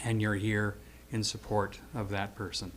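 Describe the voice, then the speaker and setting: A man's voice: fairly low pitch, little pitch movement, measured pace, fairly bright tone, slight background noise. A man around seventy reading a prepared eulogy for an old friend, hesitant at first and then telling stories with acted-out quotes.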